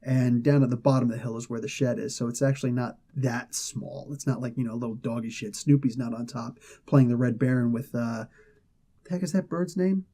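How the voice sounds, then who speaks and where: A man hosting a casual comic book review, talking in a chatty, animated way with frequent laughs and side remarks. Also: medium pitch, fairly quick.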